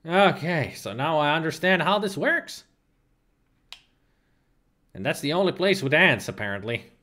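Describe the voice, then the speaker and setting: A man's voice: a little high, big pitch swings, unhurried, pushed and bright. A man giving casual, joking gameplay commentary, rambling and swearing freely, with game music playing behind. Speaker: let's play commentator.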